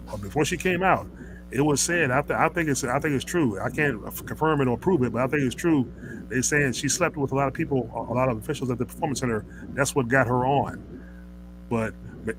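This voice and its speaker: A man of ordinary pitch hosts a loose wrestling talk stream. He rants heatedly, stumbles and restarts his sentences as he goes. A steady noise runs under his voice. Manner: heated, rambling, frequent restarts and stammers. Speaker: host. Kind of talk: casual wrestling talk show.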